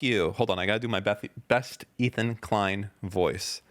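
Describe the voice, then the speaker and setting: A man's voice: on the low side, steady tone, moderate pace. A man in his thirties hosting a podcast, reading tweets aloud and mocking them in casual, sarcastic chat.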